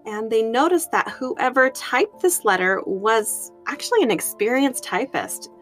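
A woman's voice: on the high side, expressive, unhurried, faint music behind. A woman from Utah co-hosting a true crime podcast, talking in a conversational, agreeable way. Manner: conversational, agreeable, lots of mm-hmms. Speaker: podcast co-host.

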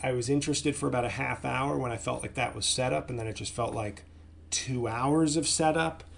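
A man hosting his own comedy podcast, venting in a long angry rant. He swears constantly and trips over his words. His pitch sits in a middle range, and he jumps between loud outbursts and quieter, bitter muttering. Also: brisk, creaky, a little hiss or hum. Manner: angry, profane ranting with stumbles.

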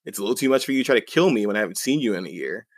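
A man's voice: expressive, rapid-fire, no echo. A man retelling as a flustered young swordsman. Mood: exasperated. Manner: protesting, rising pitch, retold casually. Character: flustered young male swordsman, dodging a fight.

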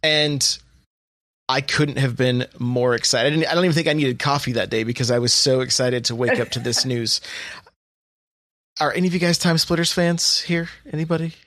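A man's voice: mid-range voice, normal speed, a bit bright, no echo, clean studio sound. A man hosting a casual podcast, reading off sale prices with lots of fillers and chat. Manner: chatty, reads sale prices with many fillers. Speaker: podcast host.

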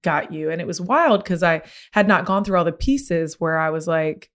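A young woman with a slightly low voice hosts a podcast and tells a personal story in open, candid conversation. She talks expressively and becomes animated as she relives the moment, leaning on "like" as she goes. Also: moderate pace. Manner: animated, expressive retelling with frequent "like". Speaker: podcast host.

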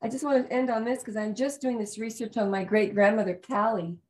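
A woman's voice: a little high, fairly even intonation, a little fast, a little mellow. A woman hosting a casual talk show, enthusiastic and affirming toward her guest as she tells a family story. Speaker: host.

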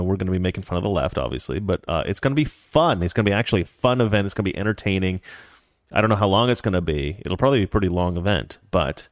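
A man's voice: low-pitched, no echo, clean studio sound. A man hosting a casual livestream from home, rambling and repeating himself as he reads out viewer comments. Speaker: livestream host.

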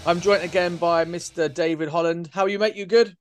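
A man's voice: high voice, steady tone, fairly quick, a little hiss or hum. A man hosting a podcast, chatting and joking about football. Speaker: podcast host. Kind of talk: casual football chat.

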